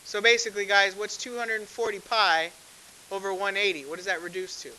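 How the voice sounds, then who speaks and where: A man's voice: sits high, steady tone, brisk, sharp tone, slight background noise, poor audio. A man teaching a math class, talking conversationally and asking the class frequent questions. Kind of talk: classroom lecture.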